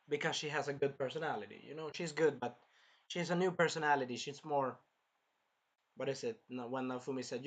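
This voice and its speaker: A man hosting a casual anime episode review, rambling and sidetracking, often apologizing and clearing his throat. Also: fairly high pitch. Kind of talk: casual chat recapping an episode.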